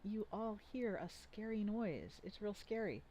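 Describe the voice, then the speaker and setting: A woman's voice: medium pitch, animated, a little slow, dark tone, a little hiss or hum. A woman running a tabletop game as game master, chatty and playful, often trailing off while she thinks.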